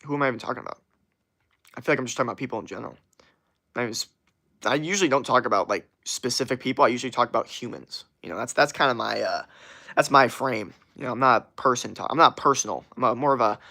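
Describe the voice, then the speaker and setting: A man who hosts a casual livestream and reads viewer comments aloud. He rambles in a relaxed way and swears often, with an average pitch. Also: creaky. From USA. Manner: rambling, profane, laid-back. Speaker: livestream host.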